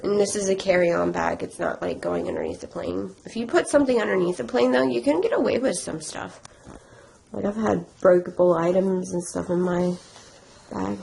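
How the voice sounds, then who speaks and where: A woman's voice: fairly low pitch, normal speed, vocal fry, darkish tone, a little hiss or hum, rough recording. A young woman chatting casually in a couple's home vlog, giggly and talkative, slipping into baby talk with pets. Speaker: vlogger.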